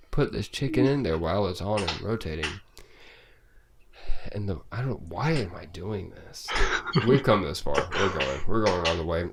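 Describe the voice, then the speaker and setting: A young man co-hosting a podcast in casual chat, telling stories with swearing and bursts of laughter. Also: low-pitched. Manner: animated, swearing, laughing storyteller. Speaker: podcast co-host. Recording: noisy home recording.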